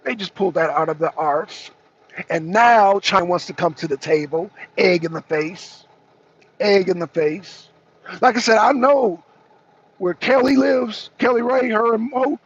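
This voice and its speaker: Greeting viewers by name and swearing frequently, a male political talk show host chats casually and with energy on his live stream. He speaks in a high, slightly rough voice, and the audio's highs are cut off.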